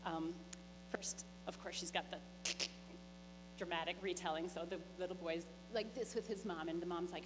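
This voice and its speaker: A middle-aged woman, a missionary teacher telling lively stories to a congregation and acting out the dialogue. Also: on the low side, moderate pace. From Canada. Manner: lively, anecdotal, acts out dialogue. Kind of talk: storytelling presentation. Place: church hall. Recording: echoey church hall with mains hum.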